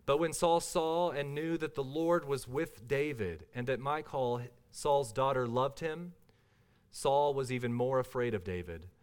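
A man in the pulpit, reading scripture slowly and deliberately before moving into his sermon. His voice sits at an ordinary middle pitch. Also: clear, resonant tone. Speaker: pastor.

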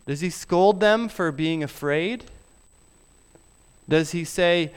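A middle-aged man preaching a sermon, emphatic and deliberate, sometimes dropping his voice very low. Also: smooth. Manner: slow, emphatic preaching with soft drops to near whisper. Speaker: pastor.

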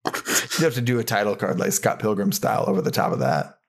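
A man with a low, gravelly, husky voice co-hosts a podcast. His pitch moves a lot, and he delivers dry jokes in a relaxed chat. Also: a little fast. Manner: dry, joking. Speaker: podcast co-host. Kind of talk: casual chat.

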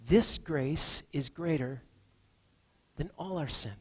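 A man preaching a sermon as pastor, earnest, reading scripture and moving between hushed and emphatic lines. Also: a little high, slow pace, pauses often, slightly rough, dry recording, rough recording.

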